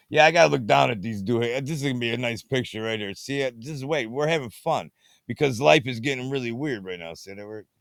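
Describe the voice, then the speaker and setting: A man's voice: mid-range voice, gravelly, no room sound. A man hosting a late-night movie review show, talking in a meandering way, repeating catchphrases and getting sidetracked. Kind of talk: rambling casual monologue. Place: home at night, fiddling with a tablet.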